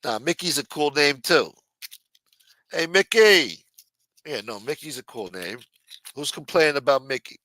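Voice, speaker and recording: A man hosts a late-night livestream, reading viewer messages with loose, profane, jokey banter. His medium-pitched voice is animated, brisk and sharp, with no room sound in the recording.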